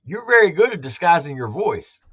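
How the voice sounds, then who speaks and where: Male show host, husky and slow, fairly high and lively, lavish with praise. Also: no room sound, muffled recording. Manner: impressed, laughing, drawn-out praise. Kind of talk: casual chat.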